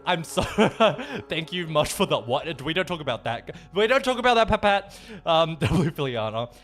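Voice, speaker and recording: A man's voice: fairly high pitch, sing-song, moderate pace, a bit bright. A man chatting casually on a livestream, swearing freely and dropping in Japanese phrases.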